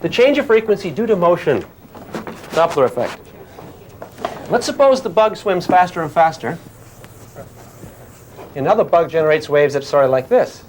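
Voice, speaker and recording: A man's voice: a little high, expressive, moderate pace, pauses often, a little hiss or hum. An older man giving a physics lecture to a class in a playful way, often asking questions and making sound effects.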